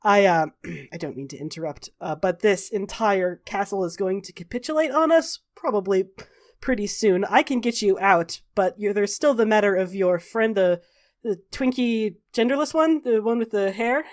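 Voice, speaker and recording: A woman's voice: medium pitch, lively intonation, normal speed, a little mellow, natural voice. A woman voicing a regal, sly goddess queen with a delicate, polite drawl.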